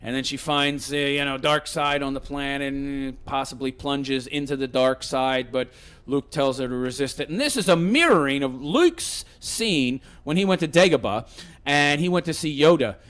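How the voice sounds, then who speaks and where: A man's voice: medium pitch, moderate pace, a bit bright, smooth. A man giving a sarcastic, rambling movie rant, full of fillers and restarts. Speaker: film reviewer.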